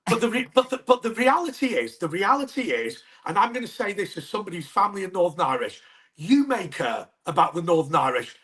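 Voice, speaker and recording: A man's voice: high voice, animated, quick pace, fairly bright tone. A man from England hosting a political conversation, cutting in to push back on his guest. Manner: interjecting, pushes back. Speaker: host. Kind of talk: interview debate.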